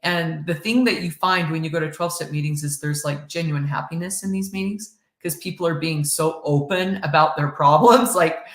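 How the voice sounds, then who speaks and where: A middle-aged woman telling her own story in an earnest, halting way, with quick laughs between lines. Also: low voice. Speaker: podcast guest. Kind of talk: emotional personal storytelling. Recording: roomy echo.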